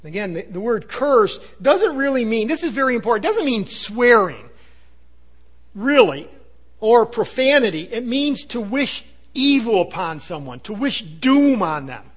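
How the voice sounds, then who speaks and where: A man preaching a sermon, earnest and emphatic, sometimes dropping to a low hush. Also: big pitch swings, a little slow. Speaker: pastor.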